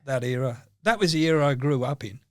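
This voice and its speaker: A man's voice: medium pitch, lively intonation, fast talker, a little mellow, no room sound. Rambling older Australian man, dry sound. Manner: rambling, anecdotal, laughs often. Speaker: guest. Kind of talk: casual chat.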